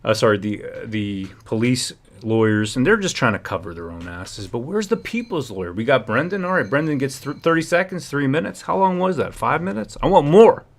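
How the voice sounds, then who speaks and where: Male streamer host, agitated rambling commentary, average pitch. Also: lively intonation, a little fast, few pauses, a bit bright. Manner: agitated, rambling, frequent restarts. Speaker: livestream host. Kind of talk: ranting livestream commentary.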